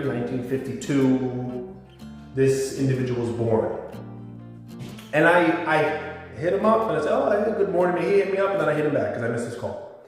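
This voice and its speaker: A man's voice: mid-range voice, a little mellow, very echoey, long reverb tail, recorded from a distance. A man talking informally to his viewers as a YouTuber, explaining words and spelling them out. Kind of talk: casual monologue to camera.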